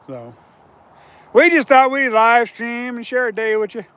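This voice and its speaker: A man's voice: very high-pitched, measured pace, pushed and bright, clear, resonant tone. A man hosting a casual fishing livestream from outdoors by a river, chatting with viewers and laughing often.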